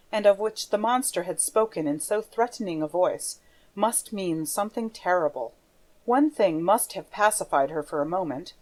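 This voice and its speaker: Female audiobook narrator, mid-pitched, measured, expressive. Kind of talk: audiobook reading of a classic novel.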